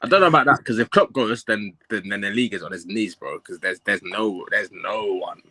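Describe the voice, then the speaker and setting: Low, bright-toned young man. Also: brisk, a little hiss or hum. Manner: emphatic, keeps saying bro. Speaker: guest pundit. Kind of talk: casual football chat.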